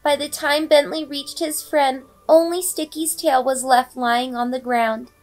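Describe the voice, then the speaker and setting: A woman reading a children's bedtime story aloud with expressive, dramatic storybook delivery. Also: high voice, measured pace. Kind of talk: bedtime read-aloud narration. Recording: faint background music.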